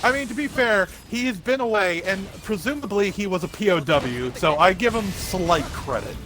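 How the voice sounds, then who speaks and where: A man's voice: high-pitched, lively intonation, normal speed, a bit bright. A young man streaming a game, telling a rambling story in casual chat and leaning heavily on filler words. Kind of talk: casual chat while gaming. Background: game music.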